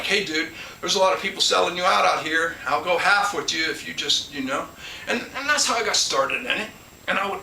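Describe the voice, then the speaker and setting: Animated rambling man in an echoey room. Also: high voice, recorded from a distance. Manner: rambling, animated, with many restarts and asides. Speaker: collector and channel host. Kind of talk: casual rambling monologue. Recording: echoey room, off mic, faint background hum.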